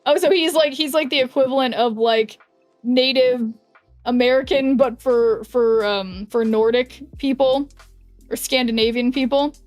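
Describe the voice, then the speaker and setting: Chatty young woman streamer, higher voice. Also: a little slow, dry recording, faint music behind. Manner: chatty and rambling, many fillers and self-corrections. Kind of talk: casual chat while gaming, reading chat aloud.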